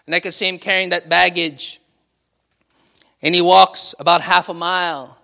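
Pastor guy preaching, keeps asking amen, bright sharp voice, bit of fry. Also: high voice, level tone, moderate pace, long pauses. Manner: call-and-response, asking "Amen?" and laughing often. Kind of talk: sermon.

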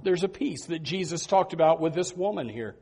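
A male pastor preaching a sermon, swinging between loud emphasis and hushed earnest lines, with many repeated words and restarts. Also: on the high side, expressive, a little fast, slightly rough.

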